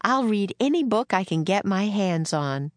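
A woman's voice: mid-range voice, lively intonation, a little slow, no echo, pitched above the performer's own voice, lightly acted. A woman doing a kind frontier schoolteacher. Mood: kindly. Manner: gentle, encouraging, a little proper.

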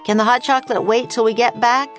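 A woman's voice: lowish voice, normal speed, creaky, soft background music. A woman voicing an earnest, careful young boy in an audiobook, speaking with urgency. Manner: eager, urgent. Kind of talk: audiobook character voice.

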